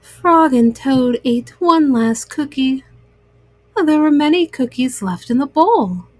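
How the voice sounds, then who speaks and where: A woman reading bedtime stories aloud to young listeners, gentle and soothing. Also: high voice, animated, slow, no room sound. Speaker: storyteller.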